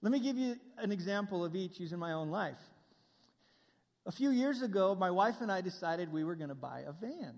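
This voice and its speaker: A man's voice: high voice, expressive, fairly quick, a little mellow, long reverb tail. A middle-aged male pastor preaching a sermon in a conversational way, with asides to the congregation.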